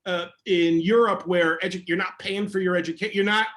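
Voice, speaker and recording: A man, a security educator, answering questions in a casual online session with energetic, emphatic talk. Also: high voice, brisk.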